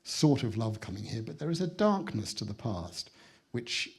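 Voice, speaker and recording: British male speaker with a husky voice, middle pitch, dry anecdotal delivery at an exhibition opening. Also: sing-song, moderate pace, darkish tone. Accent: British English. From Britain. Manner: wry, storytelling with dry understatement. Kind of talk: anecdotal speech to an audience. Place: museum building, speaking to an audience.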